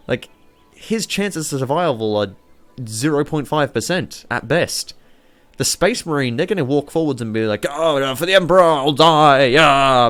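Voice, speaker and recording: Sweary man rambling over gameplay. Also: mid-range voice. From Australia. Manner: profane, excitable, rambling. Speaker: YouTuber playing a city-builder.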